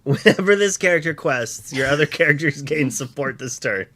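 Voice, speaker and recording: A man in a casual card-review chat, animated and teasing, laughing as he talks. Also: on the high side, normal speed.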